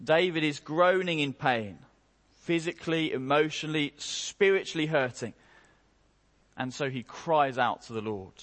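A man preaching a morning sermon, slow and emphatic, with dramatic rises and quiet drops. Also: fairly high pitch. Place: church hall. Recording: long hall reverb.

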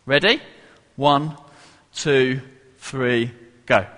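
A man's voice: medium pitch, extremely slow, a bit bright, in a large hall, slight background noise. A man giving an interactive children's Bible talk to a congregation in church, playful and coaxing everyone to join in.

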